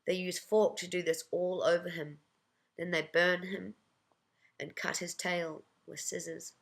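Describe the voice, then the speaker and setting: Old Russian grandma, as told by the narrator, gravelly smoker's voice, cooing, blunt broken English. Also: female voice, lowish voice, level tone, a little slow. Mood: confiding. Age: older. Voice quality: smoke-laden voice.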